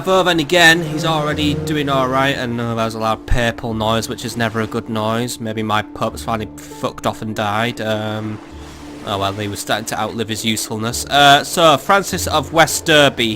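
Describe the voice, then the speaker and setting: A man's voice: medium pitch, fairly even intonation, normal speed, sharp tone, soft background music. A man giving casual, sardonic gameplay commentary as a let's play host, swearing freely and thinking aloud.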